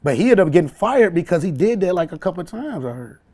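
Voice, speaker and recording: A man, a comedian telling a story in an interview, animated and laughing often as he acts out voices. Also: high voice, fast. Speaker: comedian guest.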